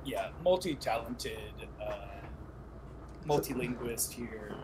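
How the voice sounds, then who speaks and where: A man's voice: mid-range voice, expressive, slow pace. A man playing a tabletop game, rambling and hesitant, with lots of fillers. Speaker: player. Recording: faint background noise.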